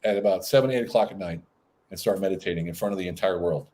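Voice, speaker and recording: A man, a guest in a casual conversation, telling stories in a lively, blunt and profane way. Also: deep voice, quick pace. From United States.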